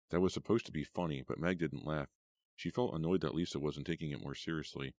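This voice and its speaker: A man narrating an audiobook in a steady, even reading. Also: extremely low pitch, a little fast, dry recording.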